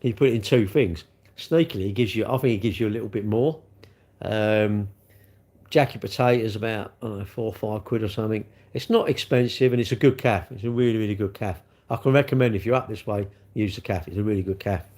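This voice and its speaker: A man's voice: on the low side, fast, darkish tone. A middle-aged man, rambling chattily on his livestream and reading out viewer comments. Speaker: livestream host. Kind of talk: casual livestream chat.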